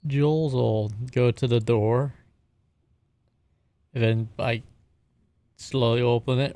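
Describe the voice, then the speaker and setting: Tabletop player: a gravel-toned man, loose and giggly, narrating what his character does. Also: mid-range voice, fairly even intonation, measured pace, pauses often, a little mellow. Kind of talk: casual tabletop role-play.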